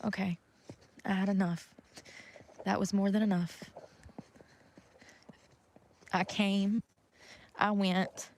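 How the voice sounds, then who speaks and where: A woman's voice: mid-range voice, little pitch movement, measured pace, darkish tone. A breathless woman, rambling and cursing freely as she vlogs live outdoors in the snow by a river on a handheld phone. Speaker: vlogger. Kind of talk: casual livestream chat.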